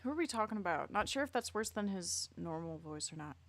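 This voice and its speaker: A woman's voice: on the low side, expressive, brisk. A young woman streamer reacting live in crude, jokey, rambling casual talk full of swearing.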